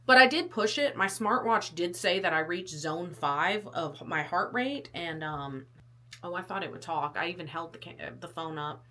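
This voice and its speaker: A woman's voice: fairly low pitch, moderate pace, pushed and bright. A young woman vlogging casually about her fitness test, chatty and rambling, coughing and out of breath. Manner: chatty, rambling, self-deprecating.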